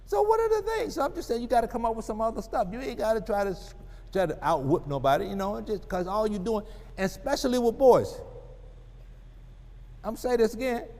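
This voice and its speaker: A man's voice: sits high, a little fast, a little hiss or hum. A man giving a humorous, preacher-like motivational talk to parents, calling out to the crowd. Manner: humorous, animated, call-and-response. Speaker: parenting speaker at a family expo. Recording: reverberant hall.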